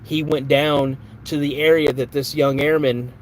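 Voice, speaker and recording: A man hosts a live podcast stream, talking loosely and rambling as he reads from the chat. His voice sits a little on the high side, with a faint hiss of noise underneath. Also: flat delivery, unhurried, poor audio. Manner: rambling, reads chat aloud, flares up angrily at a troll. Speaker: podcast host.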